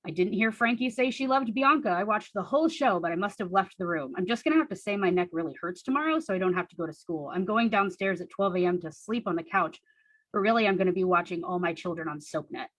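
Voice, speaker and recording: Husky woman reading her teen diary aloud. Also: on the low side, fast, dry recording, poor audio. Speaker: storyteller reading her teenage diary on stage. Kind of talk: comic reading of childhood diary.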